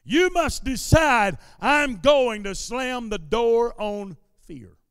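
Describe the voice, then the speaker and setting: A male pastor preaching a sermon in a church service. He repeats his lines in a steady preaching cadence and builds them up into shouted declarations. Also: extremely high pitch, slow, clean tone, no echo, clean studio sound, in a large hall. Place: church sanctuary during a service.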